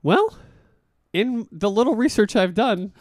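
A man's voice: sits high, animated, a little slow, a little mellow, no room sound, clean studio sound. A man co-hosting a podcast in casual chat, joking and cursing freely. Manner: joking, profane, laughs often. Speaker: podcast co-host.

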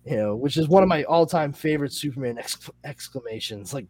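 A male podcast host chatting casually, summarizing a comic in a rambling, animated way with lots of fillers. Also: medium pitch, a little fast. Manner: rambling and animated, with many fillers and excited asides.

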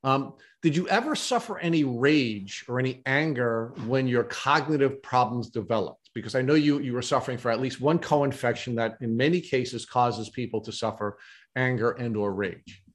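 A man hosting an interview, asking long questions that wander and circle back. He stumbles and restarts often, repeating words as he finds his way. His voice sits at a middle pitch. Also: normal speed. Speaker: interview host.

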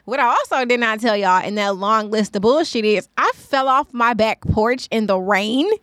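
A woman in her thirties with a fairly high voice tells a story on a podcast. She is loud and profane and acts out each person's lines with energy. Her voice sounds dry and close, with almost no room around it. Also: normal speed, no room sound. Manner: profane, animated storyteller who acts out quotes. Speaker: podcast co-host. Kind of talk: casual storytelling chat. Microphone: studio microphone.

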